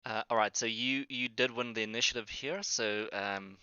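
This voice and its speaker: A man's voice: medium pitch, steady tone, normal speed, bright, forceful tone, clear, resonant tone, no room sound, muffled recording. A man acting as game master in a tabletop game over voice chat, talking hesitantly with many ums and restarts.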